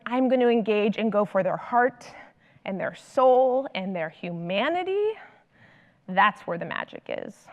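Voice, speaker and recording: Female speaker, 30s, consultant at a conference; chatty storyteller, average pitch, long reverb of a big hall. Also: muffled recording. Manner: animated storytelling, frequent "like". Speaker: consultant and coach. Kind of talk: conference talk.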